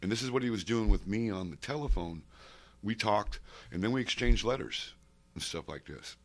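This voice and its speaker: Deep-voiced older man telling long stories. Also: expressive, moderate pace. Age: 60s. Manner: digressive, with many asides and restarts. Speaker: interviewee, comics fan and collector. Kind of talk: rambling oral-history storytelling. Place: convention center interview room.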